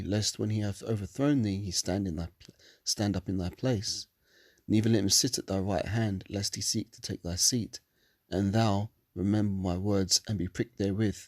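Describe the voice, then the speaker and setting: A man's voice: fairly low pitch, dry recording. A man reading scripture verses solemnly and breaking into profane, angry commentary. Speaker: religious commentator.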